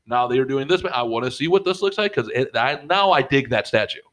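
A man in the middle of a loose podcast conversation, spinning a rambling story full of swearing. He keeps jumping into his own past reactions and acting them out, with a voice pitched right in the middle range. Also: lively intonation, fairly quick, fairly bright tone. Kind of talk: casual comedic storytelling.

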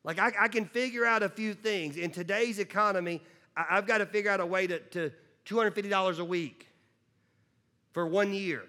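A male preacher with a high-pitched voice delivers a sermon. He talks conversationally, doubling words as he starts sentences. He swings between loud, driving emphasis and low, hushed asides. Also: fairly quick. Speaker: pastor.

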